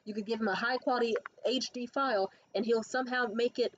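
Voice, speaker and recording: A woman's voice: fairly high pitch, steady tone, quick pace, highs cut off, slight background noise. A woman producing comedy shows, telling a blunt, profane story in a casual rant to camera.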